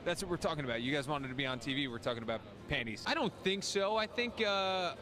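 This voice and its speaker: A man's voice: fairly high pitch, animated, quick pace, crowd noise. A man working as a TV reporter on a live outdoor segment, talking in a brash, teasing way to passersby.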